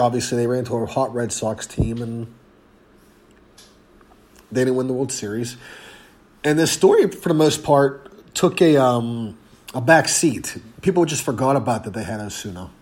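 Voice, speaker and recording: A man's voice: medium pitch, a little mellow. A man hosting a sports podcast, congested and nearly voiceless, talking casually with frequent ums and restarts. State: congested, losing his voice. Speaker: podcast host.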